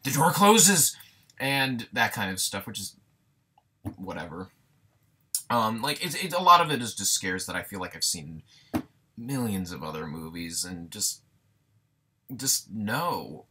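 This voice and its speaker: A man's voice: sits low, expressive, a little slow, long pauses, bright, forceful tone, breathy edge. A young man ranting through a casual movie review, sarcastic and exasperated, swearing freely.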